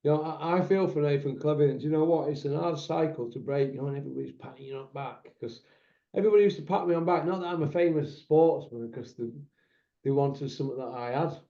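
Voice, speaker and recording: A man in his forties or older rambles through candid stories in casual banter. His voice sits a bit high but mellow. The recording is dull and lo-fi, in an echoey room. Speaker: podcast host. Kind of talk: casual chat.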